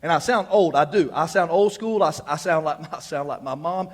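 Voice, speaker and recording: A middle-aged man preaching a sermon from a church pulpit, his voice sitting high for a man. He presses his points by repeating words and phrases. He drops to quiet asides, then rises to loud declarations. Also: a little fast. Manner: emphatic, repeats words when fired up. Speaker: pastor. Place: church sanctuary.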